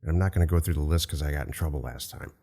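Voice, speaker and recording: Deep-voiced man hosting a podcast. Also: very fast, creaky, in a large hall. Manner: relaxed, encouraging, joking. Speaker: podcast host. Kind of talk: casual chat.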